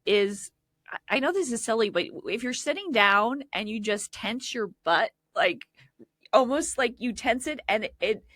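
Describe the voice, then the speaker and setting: A woman co-hosting a casual podcast chat, rambling through stories and laughing often and loudly. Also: a little high, animated, a little slow, no echo, studio quality. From Connecticut, USA. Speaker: podcast co-host.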